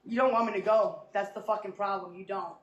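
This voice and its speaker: A woman's voice: mid-range voice, fairly even intonation, brisk, muffled recording. A young woman filming a casual vlog, talking to her cat in a coaxing, repetitive baby-talk manner.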